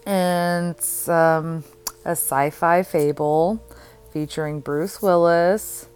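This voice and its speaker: A woman's voice: lowish voice, fairly even intonation, takes it slowly, darkish tone, clear, resonant tone, soft background music. A young woman hosting a casual solo podcast from home, rambling, giggling and joking at herself. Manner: rambling, giggly and self-deprecating. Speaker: podcast host.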